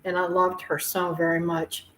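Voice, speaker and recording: Heartfelt woman with a lowish voice. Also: completely flat delivery, a bit bright, slight background noise, low-quality recording. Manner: heartfelt, rambling, pausing with fillers. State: tearful at times. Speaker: homestead channel host. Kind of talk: emotional personal talk to viewers.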